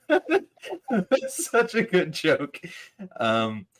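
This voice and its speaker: A man's voice: high voice, wildly swooping pitch, very slow, fairly bright tone, poor audio. A man hosting a casual chat, telling stories and laughing often as he talks. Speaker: podcast host.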